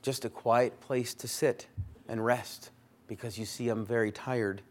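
A man's voice: mid-range voice, fairly even intonation, measured pace, natural voice. A man voicing a weary old man in a storybook read aloud during a sermon, speaking plainly and tiredly.

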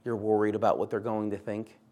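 A man's voice: on the low side, little pitch movement, a little fast, darkish tone. A man preaching a sermon in an earnest, conversational way, repeating short phrases for emphasis. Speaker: pastor.

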